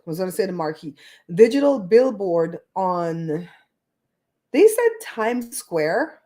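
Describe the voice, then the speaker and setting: A woman's voice: mid-range voice, dark tone. Blunt, salty-talking woman host. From Belize. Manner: blunt, profane, candid storytelling. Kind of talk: casual livestream chat.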